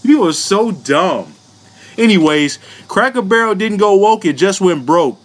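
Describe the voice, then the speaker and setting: A man's voice: high voice, lively intonation, normal speed. A man giving a comedic commentary rant to his viewers, profane and mocking, laughing often and talking down to them. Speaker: vlogger.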